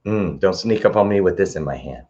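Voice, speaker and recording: A man hosting a live talk show, chatting to camera in a rambling, animated way. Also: low voice, fairly quick, muffled recording, noisy background.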